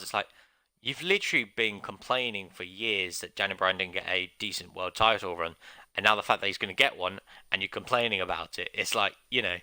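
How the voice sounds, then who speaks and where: A man's voice: lowish voice, sharp tone, no echo. A man streaming a wrestling video game, talking in a rambling, opinionated way with many fillers. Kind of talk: casual rambling commentary.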